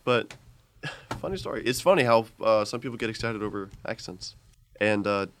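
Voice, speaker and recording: A man's voice: fairly low pitch, lively intonation, a bit bright, a little hiss or hum. Young American man, podcast co-host, rambling storyteller who trips over his words. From United States. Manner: rambling storyteller with halting restarts. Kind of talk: casual chat.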